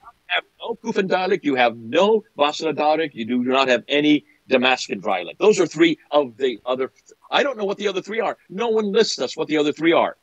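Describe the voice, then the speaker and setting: An older man delivers a lecture-style talk, hammering points home by repeating them. His voice sits a little high and husky and rises and falls widely. The sound is dry and close, as if over a video call. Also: animated, fairly quick, no room sound, highs cut off. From United States. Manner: emphatic, repeats phrases for effect, mimics opponents. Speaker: guest speaker.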